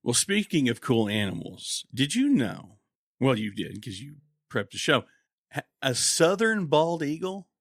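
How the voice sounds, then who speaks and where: A man's voice: medium pitch, measured pace, no room sound, clean studio sound. A man with an Oklahoman accent co-hosting a podcast, joking in casual banter. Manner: joking, animated. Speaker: co-host.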